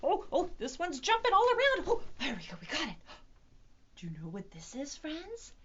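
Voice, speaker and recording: A woman's voice: high voice, huge pitch swings, moderate pace, dull audio. A woman leading a virtual storytime for young children, talking in a sing-song, exaggerated, playful teacher voice. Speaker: children's librarian.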